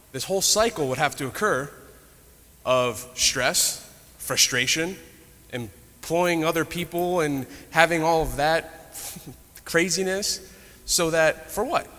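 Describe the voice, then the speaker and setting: A man's voice: fairly high pitch, pushed and bright. Man teaching Bible class in echoey hall. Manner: conversational, retells stories with asides.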